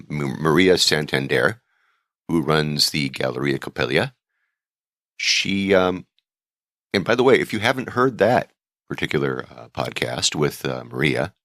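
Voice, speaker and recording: Very deep-voiced chatty male podcast host. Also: fairly bright tone, dry recording, studio quality. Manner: chatty, rambling, reads listener mail aloud. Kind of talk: casual podcast monologue.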